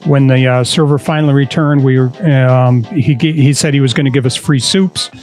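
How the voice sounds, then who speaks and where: A man's voice: mid-range voice, steady tone, fairly quick, darkish tone, faint music behind. A man co-hosting a casual podcast, telling stories in an easygoing way with plenty of fillers. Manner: easygoing storyteller, reads posts aloud with fillers. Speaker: podcast co-host.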